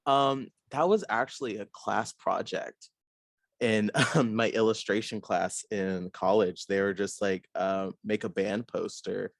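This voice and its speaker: A man's voice: fairly low pitch, a little slow, dry recording. A young man, an artist being interviewed, talking casually with many fillers and frequent laughs. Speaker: artist guest.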